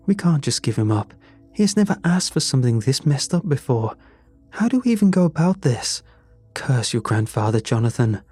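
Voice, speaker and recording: A man's voice: medium pitch, very animated, moderate pace, mellow, slightly rough, no room sound, faint music behind, voice pushed up. A man voicing a panicked, distraught mother who snaps back frantically. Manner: frantic, snapping.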